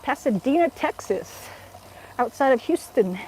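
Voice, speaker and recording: A woman's voice: sits high, animated, unhurried, darkish tone, a little hiss or hum, low-quality recording. A middle-aged woman from Alaska with an Alaskan accent, chatting casually with viewers while she exercises outdoors and laughing often. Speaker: fitness vlogger. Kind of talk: casual live-stream chat while exercising.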